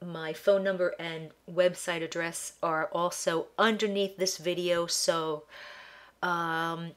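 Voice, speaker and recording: A woman's voice: fairly low pitch, level tone, slow pace, fairly bright tone. A woman web designer with a nasal, allergy-congested voice, casually talking through a website review and often restarting words. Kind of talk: screen-share website review.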